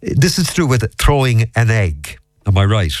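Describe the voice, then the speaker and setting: A man's voice: lowish voice, big pitch swings, moderate pace, no room sound. A man hosting a local radio show, chatting easily and reading out listener texts. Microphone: studio mic.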